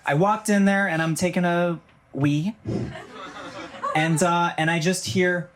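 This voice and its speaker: Animated man telling a crude story. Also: high voice, a little slow, pauses often, a little hiss or hum. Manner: animated, profane, laughs through his story. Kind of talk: storytelling stand-up.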